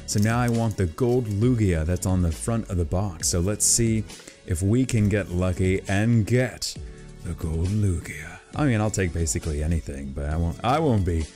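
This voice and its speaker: A man with a fairly low voice talks through opening card packs in a loose, rambling way. He gets excitable and gushing when something good turns up, and faint music plays behind him. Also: normal speed. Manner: chatty, excitable, gushing over pulls. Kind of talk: casual unboxing commentary.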